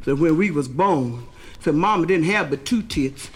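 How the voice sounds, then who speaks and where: A woman comedian telling a raunchy joke, switching into high voices for the people in it. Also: lively intonation, normal speed, breathy edge. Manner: raunchy storytelling, high acted voices for quoted lines. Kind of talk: recorded stand-up joke telling.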